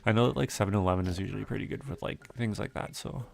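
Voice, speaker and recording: A man's voice: on the low side, very fast, creaky. A young man from Canada chatting casually with viewers while streaming a farming game, reading and answering chat with lots of fillers.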